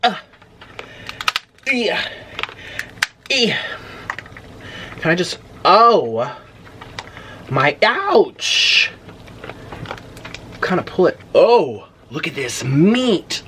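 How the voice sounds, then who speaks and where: A woman's voice: fairly low pitch, sing-song, drawn-out words, long pauses, a bit bright. A young woman hosting a casual eating-show vlog, gasping and exclaiming as she talks. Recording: noisy home recording.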